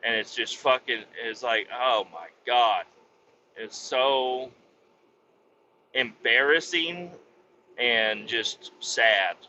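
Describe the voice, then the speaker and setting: A man's voice: mid-range voice, very slow, pauses often, bright, forceful tone, dull audio, a little hiss or hum. A man hosting a podcast, telling a rambling, profane anecdote with casual restarts. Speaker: podcast host. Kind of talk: casual storytelling.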